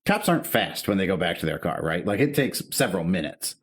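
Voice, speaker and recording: A man's voice: low-pitched, quick pace. A man co-hosting a podcast, telling a story in casual chat, swearing and acting out the dialogue. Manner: animated, swearing, acts out dialogue. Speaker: podcast co-host.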